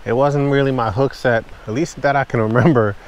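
A man filming his own fishing trip from a kayak in pouring rain, chatting casually to viewers and getting excited whenever a fish bites. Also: mid-range voice, brisk, a little hiss or hum. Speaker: fishing vlogger. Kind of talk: casual on-the-water commentary. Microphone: camera mounted on the kayak.

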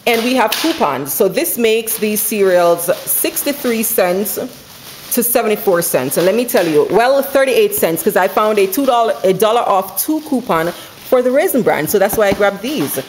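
A woman's voice: mid-range voice, animated, darkish tone, a little hiss or hum. Chatty woman walking through a coupon haul. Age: adult with school-age kids. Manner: chatty, quick, runs numbers aloud, laughs often. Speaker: couponing vlogger. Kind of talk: casual haul video chat. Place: home, indoors.

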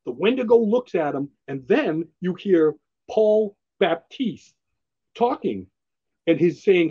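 Husky high-voiced man gushing about comics. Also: very animated, unhurried, darkish tone, dull audio. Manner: enthusiastic, rambling, laughs often. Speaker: podcast co-host presenting a comic. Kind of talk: casual comic book chat.

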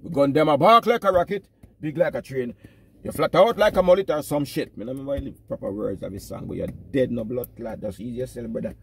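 A man with a Jamaican accent holds forth in a loose, preachy comic rant, his voice pitched in an ordinary middle range. He keeps tagging his lines with "brother" in a steady rhythm. A faint noise sits behind him. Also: quick pace, vocal fry. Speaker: comic vlogger pastor persona. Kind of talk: rambling comic rant in patois.

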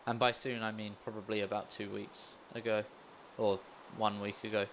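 A man's voice: lowish voice, level tone, moderate pace, fairly bright tone, slight background noise. Rambling young man gaming. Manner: rambling, self-mocking asides. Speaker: let's play gamer. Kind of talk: casual gameplay commentary.

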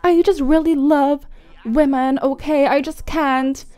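A woman's voice: sits high, fairly even intonation, unhurried, darkish tone. A woman voicing a smug, shameless young man in a life-simulation game, flippant about cheating.

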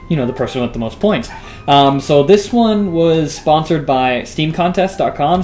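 A giggly man hosts a casual let's play, filling his talk with ums and half-started sentences. His pitch sits in an ordinary middle range. Faint music plays softly behind him. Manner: chatty, giggly, many fillers and restarts. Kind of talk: casual gameplay commentary.

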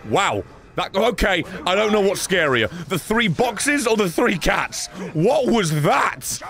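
A man doing gameplay commentary, loud and sarcastic, swearing and shouting at the game. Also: high-pitched, very animated, a little slow, vocal fry, a little hiss or hum. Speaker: gaming streamer.

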